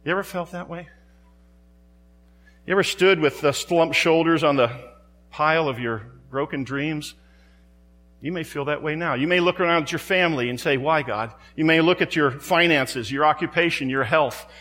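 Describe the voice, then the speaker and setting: A man's voice: on the high side, moderate pace, fairly bright tone, long reverb tail. A man preaching a sermon in a church, dramatic and rhetorical, building his points through repeated phrases and pointed questions to the congregation.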